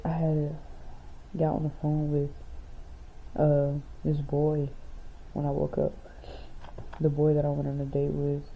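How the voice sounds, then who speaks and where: A young woman keeping a casual video diary, talking quietly and sleepily, then reading a letter she wrote to herself. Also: deep voice, gravelly. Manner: soft-spoken, quiet and sleepy. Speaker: vlogger. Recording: tinny phone-like sound with faint hiss.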